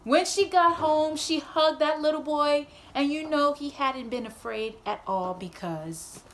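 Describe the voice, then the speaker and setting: High-voiced mother reading a storybook aloud. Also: measured pace, a little hiss or hum. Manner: gentle, expressive storybook reading with a playful, chatty tone toward her child. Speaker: mother reading a picture book to her child.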